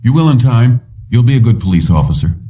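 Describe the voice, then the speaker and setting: A man voicing a weary middle-aged police commissioner who talks in a somber, measured way. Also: medium pitch, sing-song, mellow, recorded from a distance, muffled recording, close to an everyday voice.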